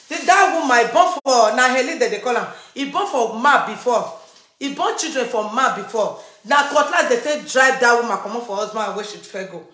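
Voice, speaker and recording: A woman's voice: a little high, expressive, brisk, a bit bright. A woman with a Nigerian Pidgin accent telling a family story, repeating lines for emphasis. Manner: repetitive, emphatic retelling. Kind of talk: personal storytelling. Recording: echoey room.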